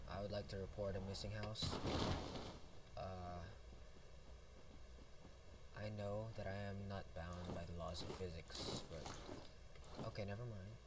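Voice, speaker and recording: Young guy with far-off mic, noisy. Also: on the low side. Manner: goofy, swears a lot, talks to himself in bursts. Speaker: gameplay video host. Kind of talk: solo let's play commentary. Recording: distant mic, loud background noise.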